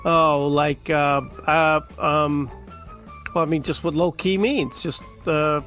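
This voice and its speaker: A man's voice: on the high side, fairly even intonation, slow, fairly bright tone, faint music behind. A man on a talk show, hesitant and dry, making self-deprecating jokes when he doesn't know the slang. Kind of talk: casual chat.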